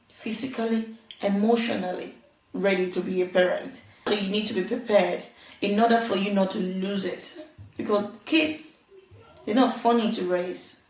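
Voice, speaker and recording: A woman giving casual parenting advice, earnest and chatty, laughing now and then. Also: medium pitch. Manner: earnest, laughs often, acts out little quoted exchanges. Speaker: parenting vlogger. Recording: roomy echo, distant from mic.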